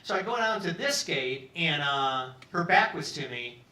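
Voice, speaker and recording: Bright-voiced man in his sixties spinning a yarn. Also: a little high, a little slow. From Peoria, Illinois, US. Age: 60s. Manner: animated, acts out other people's lines, profane. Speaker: storyteller. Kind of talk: live storytelling monologue. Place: pub stage. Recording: roomy, from some distance.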